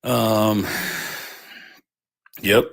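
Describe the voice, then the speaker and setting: A man being interviewed answers in a loose, laid-back way, fumbling for words and swearing casually. His voice is on the low side with a lot of gravelly fry. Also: level tone, drawn-out words.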